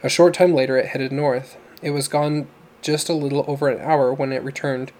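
Flat, steady male audiobook narrator. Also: mid-range voice, moderate pace, poor audio. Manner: steady, even-toned storytelling. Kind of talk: reading a novel aloud.

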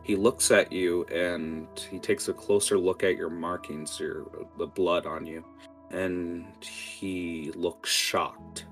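A man runs a tabletop game as game master, narrating in a relaxed, halting way full of fillers. He talks slowly in a lowish voice. Faint guitar music plays behind him.

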